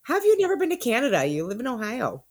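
Michigan woman, podcast co-host, animated, enthusiastic chatter. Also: a little high, no room sound. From Michigan, USA. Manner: enthusiastic, quick to laugh. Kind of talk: casual chat.

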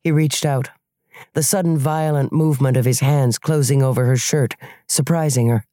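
An audiobook narrator reading a scene in a measured way. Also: medium pitch, dark tone, no room sound, clean studio sound.

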